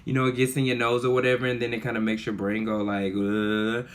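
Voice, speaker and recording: A man telling a story in a casual vlog, chatty and animated, full of fillers. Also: mid-range voice, quick pace. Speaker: vlogger.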